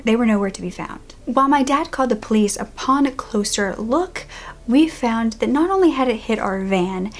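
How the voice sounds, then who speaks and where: A young woman with a higher-pitched voice tells her YouTube viewers a true-crime story from when she was a child. She keeps it casual and animated, occasionally lowering to a hushed whisper during tense moments.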